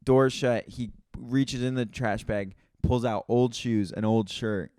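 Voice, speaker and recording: A man co-hosting a casual comedy podcast, telling animated stories and swearing casually. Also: mid-range voice, slow pace, clear, resonant tone, no echo, studio quality. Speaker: podcast co-host.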